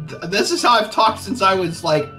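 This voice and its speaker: A man in a tabletop game with a slightly high voice, blunt and quick to tease. Faint music plays under the talk. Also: very animated, pushed and bright. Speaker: player.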